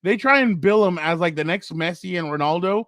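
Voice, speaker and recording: A high-pitched man co-hosting a casual sports talk show, spinning animated stories and slipping into other people's voices as he goes. His voice is dry and close to the mic, with no room sound around it. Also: fairly quick, no echo. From United States. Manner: animated storyteller acting out quotes. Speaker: co-host.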